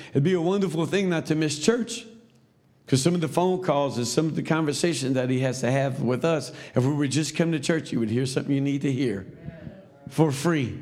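A man's voice: on the high side, darkish tone. A man teaching a Sunday school class, telling a story in a loose, conversational preaching style with asides to the class.

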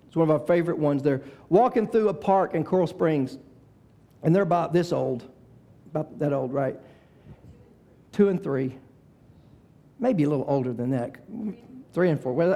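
An older pastor with a high voice delivers a sermon mixed with storytelling. His preaching swells to shouting, then drops into soft storytelling.

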